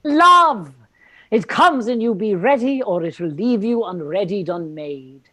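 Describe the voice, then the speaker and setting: A woman's voice: medium pitch, lively intonation, normal speed, darkish tone, dry recording, lightly acted. A woman reading the role of a playful British man who teases and plays with words, over a video call. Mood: grandly poetic. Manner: teasing, wordplay, grand flourishes. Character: playful British man, teasing would-be poet.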